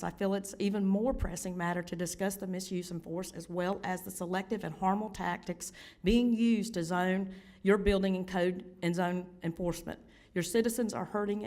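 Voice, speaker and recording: A woman recovering from a lost voice, giving forceful, indignant public comment at a county zoning hearing. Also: medium pitch.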